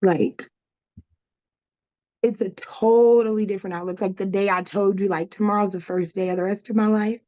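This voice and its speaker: A woman talking as a guest in a relaxed conversation, chatty and full of casual fillers. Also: mid-range voice, normal speed, no echo, highs cut off. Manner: chatty, full of "like" and "you know".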